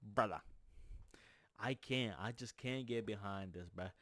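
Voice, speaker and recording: This MMA commentator, a young man with a fairly low voice, delivers a heated rant vlog at a measured pace about fights. He's fired up, keeps repeating his points, calls everyone "bro" constantly and gets louder for emphasis. The studio sound is clean with no room sound.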